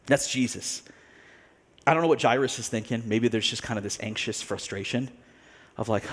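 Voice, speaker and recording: A male pastor preaching a sermon, telling a story with animated delivery, acting out the people he quotes and laughing now and then. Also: mid-range voice, normal speed, long pauses, slightly rough.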